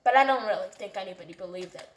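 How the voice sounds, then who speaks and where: A woman's voice: medium pitch, rapid-fire. A woman narrating a storytime in a chatty, casual way. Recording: roomy echo.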